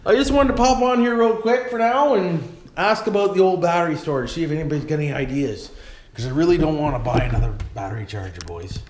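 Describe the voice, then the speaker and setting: A man from Canada, chatting folksy and casual in a vlog, dropping "eh" and "friggin' right" all the time. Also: fairly high pitch. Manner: folksy, repeats tag phrases like "eh" and "friggin' right". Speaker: vlogger. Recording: echoey space with faint noise.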